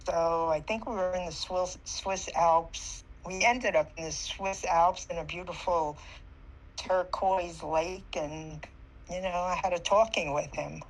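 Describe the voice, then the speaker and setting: A woman taking part in a podcast, telling her experience in a halting, hesitant way, close to tears. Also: lowish voice, fairly even intonation, poor audio. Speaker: podcast participant sharing an experience. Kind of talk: casual chat.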